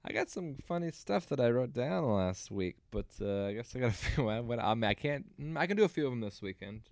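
A man's voice: mid-range voice, fast talker, gravelly, dry recording. A man, a comedian, chatting casually on a podcast, laughing often and acting out lines from other people's sets. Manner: laughs often, animated, acts out quoted lines.

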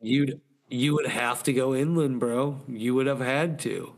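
A man from Missouri hosting a casual podcast, teasing and swearing through animated banter. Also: medium pitch, a little slow, creaky. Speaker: podcast host.

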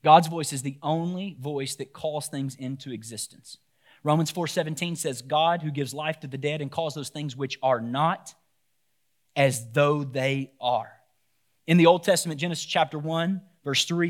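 Animated preaching man, higher voice. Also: moderate pace. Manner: animated preaching, shouts for emphasis then drops to quiet. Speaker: pastor. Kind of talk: sermon. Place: church.

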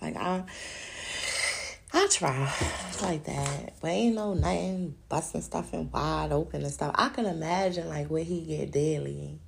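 A woman with a lowish, gravelly voice hosts a solo podcast. She chats casually, rambling, swearing, and laughing often.

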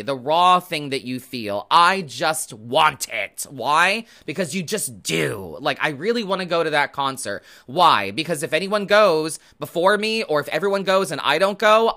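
Doing a tarot reading for his viewers, this host speaks in a very bright, somewhat high male voice. His talk is loose, chatty and meandering, casual in tone, with a curse word here and there.

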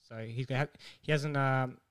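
A man co-hosting a casual podcast, telling a story with lively acted-out quotes and frequent laughter. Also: mid-range voice, moderate pace, clean tone. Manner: animated storyteller, acts out quotes, laughs often. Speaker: podcast co-host.

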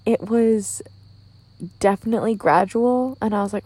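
A young woman from Minnesota chats to her camera from inside a tent, rambling through a story with plenty of "like" and "um" and frequent giggles. Her voice has a gravelly, husky edge, and the sound is close and dry. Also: mid-range voice, normal speed, pauses often, darkish tone, no echo. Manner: chatty, giggly, lots of "like" and "um". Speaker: vlogger. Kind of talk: casual storytelling vlog. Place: inside a tent outdoors at night. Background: crickets.

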